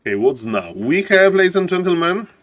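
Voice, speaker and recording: Excitable male game caster, higher voice. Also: fairly quick. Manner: excitable, repeats phrases, often says "ladies and gentlemen". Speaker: esports caster. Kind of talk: live game commentary.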